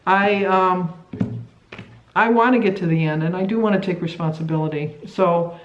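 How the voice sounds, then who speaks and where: A middle-aged woman from the United States chatting to camera in a weight-loss vlog, rambling and halting, with many restarts. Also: on the low side, highs cut off. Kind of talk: casual chat to camera. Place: a room at home. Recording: echoey room.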